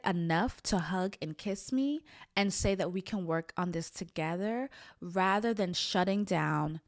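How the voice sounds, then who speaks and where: A woman's voice: lowish voice, no echo, studio quality. A woman hosting a podcast, talking candidly and reflectively to camera, with many "like" fillers. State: tearful at times. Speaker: podcast host. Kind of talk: candid personal talk to camera.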